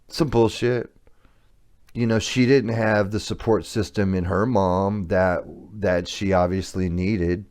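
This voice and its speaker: Man, middle-aged, podcast host, candid story, profane, blunt, low-ish voice, unhurried. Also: fairly even intonation, a little mellow, smooth.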